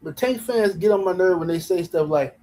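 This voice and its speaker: A man ranting in casual livestream commentary about boxing, animated and mocking, with slangy, speech. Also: sits high, brisk, slight background noise, poor audio. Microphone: livestream mic.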